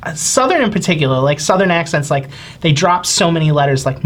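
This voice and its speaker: A woman with a New Jersey accent co-hosting a podcast, chatting casually with quick reactions and restarts. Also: sits low, animated. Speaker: podcast co-host. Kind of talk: casual chat.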